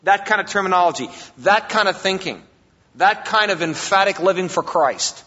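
A man pastor delivers an emphatic sermon in a bright, forceful, somewhat high voice, rising to loud declarations and dropping low. The sound rings with long hall reverb in a church sanctuary. The recording is dull and lo-fi. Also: lively intonation, normal speed. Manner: emphatic preaching, rises and drops in volume.

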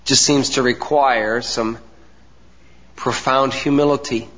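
A man preaching a sermon, with earnest emphasis, deliberate pauses and soft asides. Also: medium pitch, steady tone. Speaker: pastor. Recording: dull sound with long hall reverb.

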